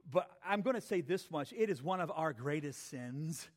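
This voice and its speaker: A man preaching as pastor to his church, animated, acting out quotes and putting questions to the congregation. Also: a little high, normal speed, long reverb tail. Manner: animated, acts out voices and asks the congregation questions. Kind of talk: sermon. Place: church sanctuary.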